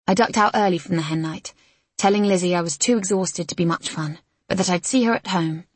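Lady reading a novel, lowish breathy voice, dry close mic. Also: fairly quick, dry recording. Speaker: audiobook narrator. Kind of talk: first-person audiobook narration.

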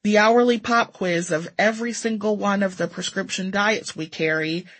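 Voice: mid-range voice, steady tone, normal speed, a bit bright, no echo, poor audio. A narrator reading a personal essay aloud with a dry, sardonic manner.

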